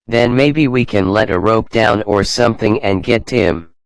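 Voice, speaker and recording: A man reading the lines of a sensible older boy who leads calmly, in a matter-of-fact way, in a storybook. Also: on the low side, unhurried, clean tone, dry recording, close to an everyday voice. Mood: steady.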